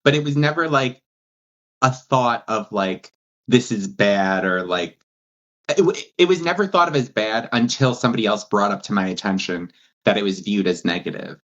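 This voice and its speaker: Man, 30s, from New Jersey, podcast guest, casual storytelling, animated, laughing, muffled lo-fi audio. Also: normal speed. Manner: animated, laughs often, acts out quotes in a higher voice. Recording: dull lo-fi sound.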